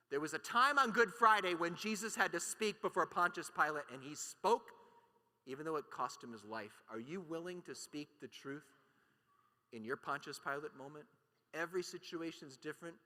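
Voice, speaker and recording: A man's voice: on the high side, pushed and bright. A man giving an impassioned keynote talk at a conference, emphatic and full of rhetorical questions. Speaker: conference speaker. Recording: long hall reverb.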